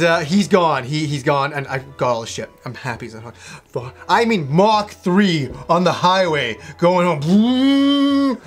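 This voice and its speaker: A co-host in his thirties tells a story during a casual chat, full of animated, profane energy and frequent laughter. His voice sits high.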